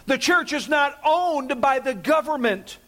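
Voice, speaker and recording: Slow, high-pitched preaching man. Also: animated, sharp tone. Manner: emphatic, repeats key phrases; asks congregation to repeat words. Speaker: pastor. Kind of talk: sermon.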